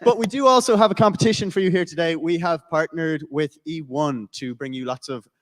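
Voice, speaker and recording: Joking Irish man at a live game show. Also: fairly high pitch. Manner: joking, chatty, quick asides. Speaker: player. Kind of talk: live tabletop game podcast on stage. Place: large convention auditorium.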